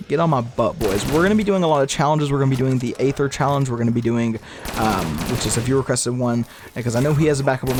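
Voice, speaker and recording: A young man in his twenties talks casually while he plays, stumbling and restarting his sentences as he goes. His voice sits at an ordinary middle pitch. Loud game gunfire and noise run behind him. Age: 20s. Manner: rambling, with frequent restarts and stumbles; switches between lively talk and muttered gameplay remarks. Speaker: gaming YouTuber. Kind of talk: casual commentary while playing. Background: video game gunfire and zombie sounds.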